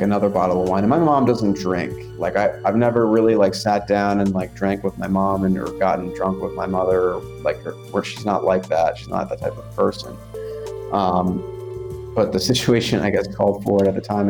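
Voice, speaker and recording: Young man, low mellow voice, rambling casual storytelling, faint music behind. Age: 20s. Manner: rambling, many fillers and restarts. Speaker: guest.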